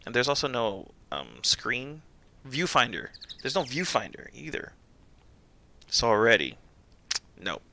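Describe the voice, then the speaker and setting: A man's voice: medium pitch, a little slow, creaky, long pauses, slight background noise. A young man streaming a game, chatting casually and joking, putting on voices. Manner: joking, animated, puts on voices. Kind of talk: casual let's-play chat.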